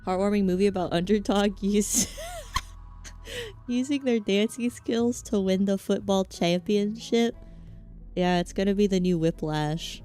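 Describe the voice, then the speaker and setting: A woman's voice: medium pitch, unhurried, dark tone, faint music behind. A woman streamer with a Southern American accent chatting casually over a game in a meandering, self-mocking way. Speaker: VTuber streamer. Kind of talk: casual gaming-stream chat.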